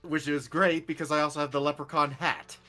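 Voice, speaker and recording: Bright-voiced playful gaming streamer man. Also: a little high, little pitch movement, fairly quick, soft background music. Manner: playful, laughs often, mock-offended teasing. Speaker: streamer playing a farming game. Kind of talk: casual gaming chat.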